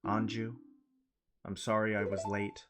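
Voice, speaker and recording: A man voicing a solemn young man reunited with his lover, reading game dialogue aloud in a hushed, slow, wistful way. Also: on the low side, little pitch movement, voice pushed down. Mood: tender, solemn.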